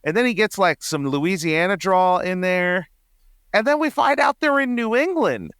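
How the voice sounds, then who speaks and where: A young man co-hosting a casual movie review podcast, animated and mock-exasperated, often dropping into quoted voices. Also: sits high, normal speed, clean tone, no room sound, studio quality. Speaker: podcast co-host.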